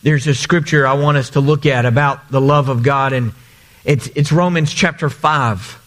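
A man's voice: medium pitch, moderate pace, a bit bright. A man preaching a sermon as pastor, earnest and repeating phrases for emphasis.

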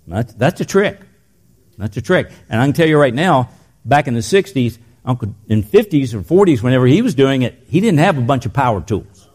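An older man preaching a sermon in a church, telling stories and dropping into soft, intense passages. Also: medium pitch. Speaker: pastor.

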